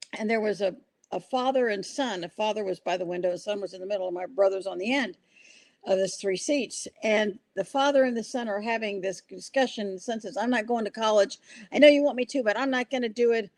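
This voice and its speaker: Her voice is medium in pitch and a little mellow, captured in a dry recording. She's an older podcast host in casual conversation, earnestly rambling through stories and restarting as she goes.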